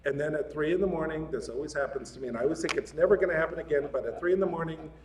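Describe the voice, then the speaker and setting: A man's voice: fairly high pitch, very fast, crowd noise. Chatty male preacher in an echoey hall. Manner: chatty, laughs often. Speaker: guest speaker at a spiritual center. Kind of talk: casual, joking sermon. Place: large hall of a spiritual center. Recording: echoey hall, mic at a distance, faint room noise.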